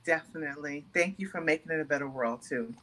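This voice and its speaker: A woman's voice: low-pitched, fast talker, fairly bright tone. A woman who is the musical guest, talking casually and apologetically to a livestream audience, with laughter between lines.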